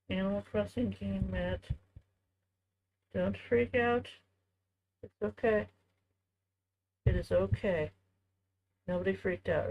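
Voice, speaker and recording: A woman's voice: mid-range voice, creaky, darkish tone, low-quality recording. A woman streaming from home, chatting casually with viewers as she works on a craft. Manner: chatty, talks to viewers while working. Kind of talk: casual live-stream chat while crafting.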